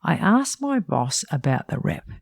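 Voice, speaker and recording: A woman's voice: deep voice, very animated, a little slow, creaky, no room sound, clean studio sound. A middle-aged woman who mentors salon owners and hosts a podcast, reading her own book aloud in a frank, chatty way with wry asides.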